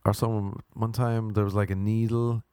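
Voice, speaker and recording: A man's voice: fairly low pitch, level tone, normal speed, warm tone, smooth, no room sound, clean studio sound. A man with an Irish accent telling a rambling, profane comic story. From Ireland. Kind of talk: comic monologue.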